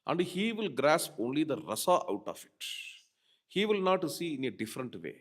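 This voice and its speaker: A man's voice: fairly high pitch, very animated, normal speed. A man giving a devotional scripture discourse as a spiritual teacher, repeating key phrases for emphasis and quoting verses.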